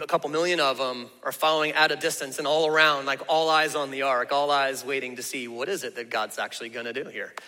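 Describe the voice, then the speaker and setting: A man's voice: fairly high pitch, bright, forceful tone, big-room sound. A man preaching a sermon as pastor, in a folksy, conversational way with emphatic asides.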